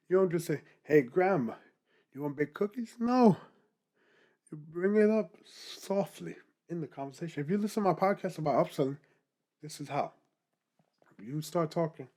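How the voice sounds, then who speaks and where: A young man, a podcaster, giving casual advice straight to the camera in a lively, animated way. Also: a little high. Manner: animated, talks straight to the viewer, keeps asking "guess what?".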